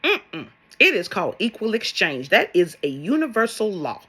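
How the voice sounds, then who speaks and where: A woman's voice: medium pitch, very animated, normal speed, a bit bright, slightly rough. A woman speaking as a spiritual love coach in a vlog monologue, blunt and sassy, swearing and firing rhetorical questions at her viewers.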